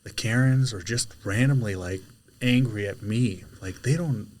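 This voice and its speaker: Lower-pitched man, chatty guest, lively storyteller who belts out quoted dialogue. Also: moderate pace. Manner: animated storyteller, shouts out quoted lines. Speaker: podcast guest, delivery driver. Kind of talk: casual storytelling chat.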